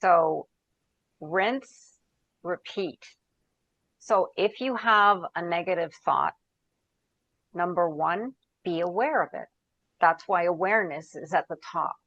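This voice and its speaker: A woman guest on an interview podcast, a founder and coach, shares stories and advice conversationally, occasionally searching for words and quoting herself and others. Her voice is on the low side and a bit bright, slow with long pauses. The audio is dull with no room sound.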